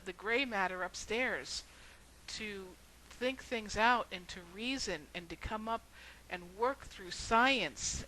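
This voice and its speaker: A woman's voice: mid-range voice, pushed and bright, a little hiss or hum, low-quality recording. A woman video blogger telling a story and then making an earnest, rhetorical argument.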